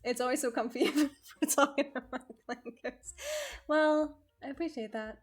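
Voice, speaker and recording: A woman's voice: sits high, moderate pace, slightly rough, faint music behind. A young woman streaming from home, chatting casually, laughing often and swearing freely. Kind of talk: casual chat.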